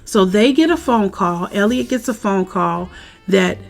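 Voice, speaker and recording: A woman, a parent, chatting casually outdoors in the wind as she recaps a TV episode and acts out the characters' lines with animated energy. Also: mid-range voice, unhurried, gravelly, soft background music. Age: adult parent. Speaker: show recap vlogger. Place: outdoors, windy.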